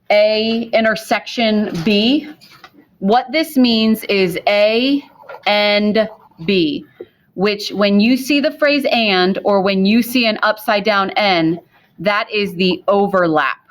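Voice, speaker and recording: A woman teaching a math class, speaking to her students, who repeats key points and keeps checking in with questions. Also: mid-range voice. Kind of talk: classroom lecture.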